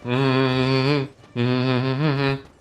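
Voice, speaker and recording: A man's voice: medium pitch, roomy sound. A man casually commenting on a game during a live stream, thinking aloud and answering chat. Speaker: gaming streamer.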